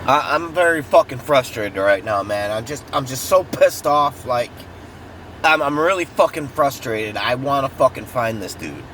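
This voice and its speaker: A man's voice: medium pitch, animated, moderate pace, fairly bright tone. A man in an angry, profane true-crime rant, heated and repetitive, recorded outdoors near traffic. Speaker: vlogger.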